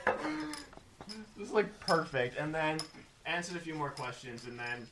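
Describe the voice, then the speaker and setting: A man co-hosting a podcast, telling convention stories in a casual, animated way and acting out the quotes. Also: on the high side, slow pace, long pauses. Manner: animated, laughing retelling with acted quotes. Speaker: podcast co-host. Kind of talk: casual storytelling chat. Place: room at an anime convention. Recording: roomy, noisy room recording.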